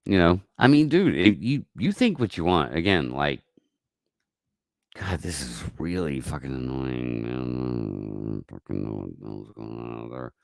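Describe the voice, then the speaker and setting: A man hosting a casual livestream, talking in a rambling, profane way that swings from mumbled asides to loud outbursts, on a close mic. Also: very deep voice, lively intonation, measured pace, creaky, no room sound. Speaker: livestream host.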